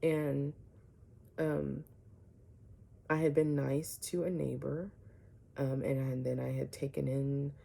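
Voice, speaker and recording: A woman vlogger telling a personal story to her viewers, animated, often asking "right?" and dropping some words to a whisper. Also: very deep voice, slow pace, gravelly, pauses often.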